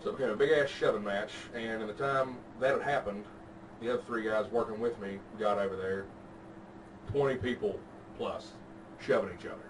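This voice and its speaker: A man with a drawl tells a story in a relaxed, foul-mouthed way. He sits well back from the microphone. A steady background noise runs under his voice. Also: on the low side, brisk. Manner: laid-back, profane storytelling. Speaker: podcast host telling a story. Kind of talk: casual chat. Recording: distant mic with background noise.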